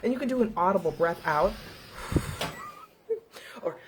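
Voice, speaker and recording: A woman's voice: lowish voice, animated, normal speed, slight background noise. A middle-aged woman hosting a casual motivational talk for viewers, speaking earnestly and encouragingly and laughing easily. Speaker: host.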